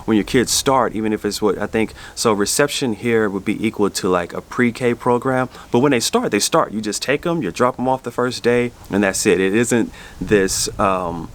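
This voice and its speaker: A man's voice: on the low side, moderate pace, hardly any pauses, a little hiss or hum. A middle-aged man from the South, chatting casually to camera for his family vlog, rambling with many restarts. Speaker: family vlogger.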